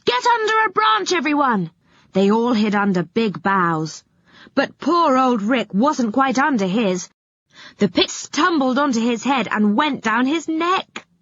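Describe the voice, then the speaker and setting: A woman narrating a children's storybook aloud in a slow, expressive storytelling manner. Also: a little high, no room sound. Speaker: audiobook narrator. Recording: dull lo-fi dry audiobook recording.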